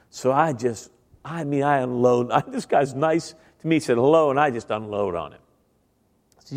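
In a large hall with long reverb, a middle-aged preacher speaks at a moderate pace in a medium-pitched, darkish voice. He tells his own testimony conversationally, talking straight to the congregation.

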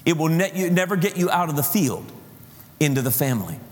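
Impassioned male preacher, fairly high voice, works the congregation, long hall reverb. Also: animated, brisk. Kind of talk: sermon.

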